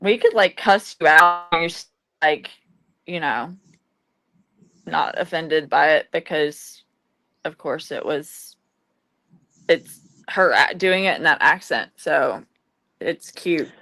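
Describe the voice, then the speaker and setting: A woman who speaks slowly in a low voice, making dry comments in a group chat. The sound is dry and close. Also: sharp tone, no echo, low-quality recording.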